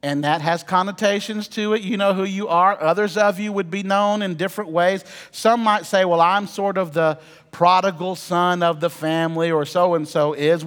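A man's voice: high-pitched, a bit bright. A man preaching a sermon, telling stories with humorous asides to the congregation. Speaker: pastor. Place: church sanctuary. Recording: long reverb of a church hall.

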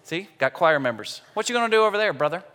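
A man preaching a sermon in a large church, lively and joking with the congregation. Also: high-pitched, fast. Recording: church hall reverb.

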